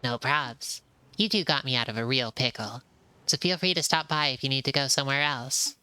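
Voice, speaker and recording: A woman's voice: rumbling low, normal speed, pushed and bright, clean tone, no echo. A woman voicing a chatty, easygoing male pigeon pilot, reading game dialogue aloud in a casual, slangy way. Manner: laid-back, casual slangy speech.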